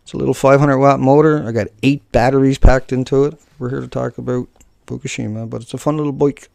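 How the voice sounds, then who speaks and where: A man's voice: medium pitch, fairly even intonation, fast, vocal fry, a little mellow, clear, resonant tone, no echo, clean studio sound. A man on a live stream who answers chat and taunts a commenter in a combative, scornful way. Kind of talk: unscripted live stream rant.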